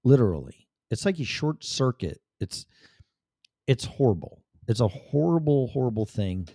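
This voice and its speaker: A man's voice: mid-range voice, sing-song, moderate pace, warm tone, no echo, clean studio sound. A middle-aged man talking candidly to the camera in a blunt, rambling, profane way. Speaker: vlogger. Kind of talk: candid personal monologue.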